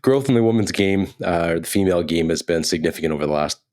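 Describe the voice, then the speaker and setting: A man hosting a podcast, asking interview questions in a measured, conversational way. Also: sits low, darkish tone. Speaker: podcast host.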